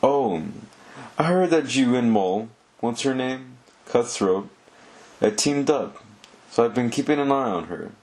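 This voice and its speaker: A man voicing a menacing highwayman with a soft, sing-song voice, reading a storybook aloud. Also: lively intonation, a little slow, natural voice.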